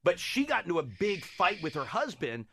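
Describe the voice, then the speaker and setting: High-voiced, chatty man. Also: sing-song, normal speed, creaky, fairly bright tone, breathy edge, dry recording, clean studio sound. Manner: chatty, interjects with questions and laughs. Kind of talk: casual chat.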